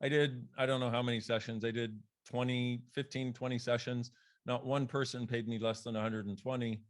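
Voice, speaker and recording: A man, a guest author, telling a personal story in a podcast conversation in an animated way, laughing, swearing and acting out other people's voices. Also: fairly quick. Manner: animated, laughs, swears, acts out quoted voices with big pitch jumps.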